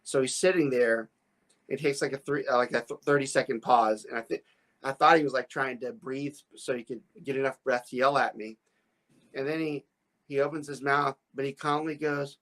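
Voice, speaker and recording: A man's voice: medium pitch, fairly even intonation, normal speed, a bit bright. A man, a real estate broker, hosting a podcast and telling a story in a rambling, stammering way with frequent laughs. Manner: rambling, with many restarts and stammered repeats; laughs often while telling stories.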